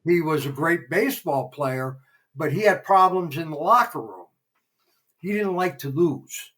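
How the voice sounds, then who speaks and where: A man's voice: on the high side, animated, measured pace, fairly bright tone, rough recording. A man, a former theater promoter, telling rambling behind-the-scenes anecdotes as a podcast guest, full of fillers. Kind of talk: casual interview storytelling.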